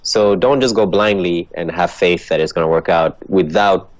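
Deep-voiced man with transatlantic accent. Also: moderate pace, no echo, dull audio. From Ethiopia. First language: Dutch. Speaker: guest, actor and comedian. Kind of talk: motivational interview answers.

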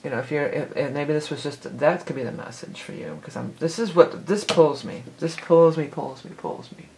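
A woman's voice: sits low, moderate pace, creaky, darkish tone, slight background noise, rough recording. A woman giving a casual tarot forecast, rambling and correcting herself as she goes, with the odd laugh. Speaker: tarot reader.

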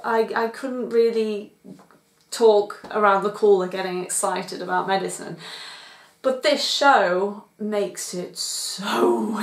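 A woman's voice: on the high side, reverberant. A young woman from Britain chatting enthusiastically in a casual vlog review, laughing often. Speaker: TV review vlogger.

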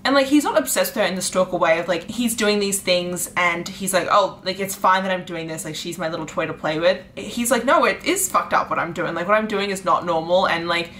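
A young woman vlogging about books she is reading, chatting casually and gushing, with "like" in nearly every phrase, swinging from hushed to excited. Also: on the low side, brisk, few pauses, slight background noise. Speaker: book vlogger. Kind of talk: casual chat.

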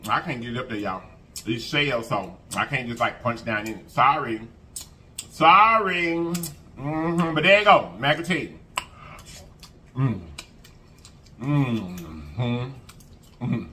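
A man's voice: medium pitch, a little hiss or hum. A man hosting an eating show, chatting to viewers and humming as he tastes. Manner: animated, savoring with hums and mm-hmms; chatty, calls viewers y'all and baby. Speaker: food vlogger.

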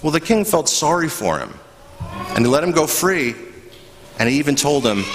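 A man, a pastor, giving a children's sermon in a church, telling a story with animated voices and asking the kids questions. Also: fairly high pitch, moderate pace, pauses often, background noise. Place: church sanctuary. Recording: echoey church hall, faint ambience.

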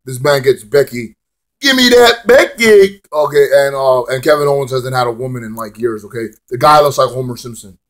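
A young man ranting casually to camera about wrestling, profane and rambling, swinging between loud outbursts and mumbling. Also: medium pitch, steady tone, brisk, few pauses. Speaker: wrestling vlogger.

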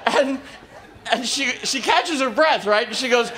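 A man doing a stand-up comedy set, telling stories in a halting, awkward way with deadpan self-mockery. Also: very high-pitched, background noise. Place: comedy club stage with audience laughter.

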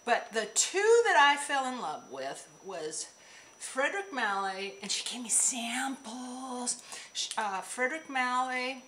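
A woman's voice: fairly high pitch, sing-song, slow, fairly bright tone, slight background noise, poor audio. A woman vlogger chatting casually to the camera, rambling with asides while she shows small items. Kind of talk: casual chat.

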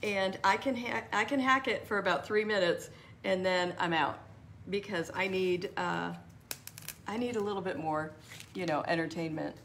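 A woman's voice: medium pitch, moderate pace, a bit bright. A woman hosting a live craft tutorial, chatting and rambling as she answers viewers by name.

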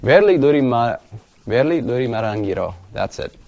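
A man's voice: medium pitch, animated, moderate pace, creaky, darkish tone, muffled recording. A man giving an academic lecture with slides, talking in a casual, self-deprecating way with many fillers. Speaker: guest lecturer.

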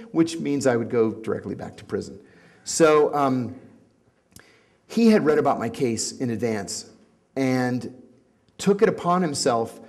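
A middle-aged man telling stories at a community talk, acting out the quotes as he goes. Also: mid-range voice. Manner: animated storyteller acting out quotes. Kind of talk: storytelling talk.

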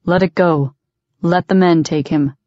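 A woman reading it gives a steady male leader from an audiobook, calling out firm, controlled orders. The voice stays close to the narrator's own, slightly louder. The recording is dull and dry. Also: on the low side, a little slow, no room sound, lightly acted. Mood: urgent. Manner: calling out, commanding.

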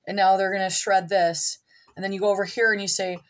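A woman's voice: medium pitch, little pitch movement, brisk. A woman vlogging from home, reading a column aloud and breaking into rambling asides and comments to her pets. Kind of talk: casual reading with off-the-cuff commentary.

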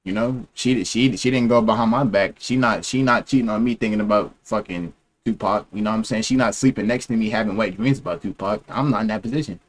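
A man's voice: on the low side, brisk, few pauses. A young man in his twenties streaming, reacting in loose, joking chat full of slang.

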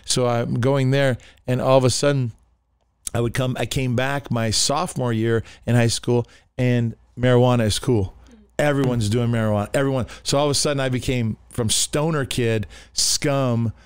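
Middle-aged pastor, male, from the United States. Rambling testimony teller who breaks into quoted voices. Smooth tone, dry close sound. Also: medium pitch, fairly even intonation, moderate pace, dry recording. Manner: rambling storyteller with many restarts and fillers; acts out quoted voices in his story. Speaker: pastor telling his testimony. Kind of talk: casual testimony in a podcast conversation.

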